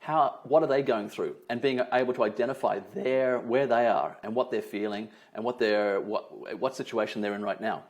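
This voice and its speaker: A man trainer giving a lively online webinar, leaning on emphasis and tag questions like "right?", speaking over a video call. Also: mid-range voice, moderate pace, few pauses.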